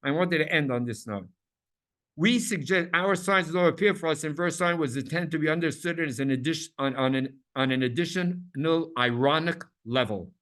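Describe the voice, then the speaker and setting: A man teaching a Bible class, animated, repeating words for emphasis and asking his listeners questions. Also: a little high, normal speed.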